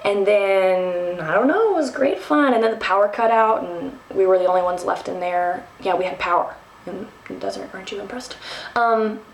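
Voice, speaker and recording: Gravelly young woman telling a story. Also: mid-range voice, normal speed, slight background noise. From Texas. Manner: animated, self-mocking, lots of ums and restarts. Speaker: vlogger. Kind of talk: casual storytelling to camera. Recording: roomy, from a distance.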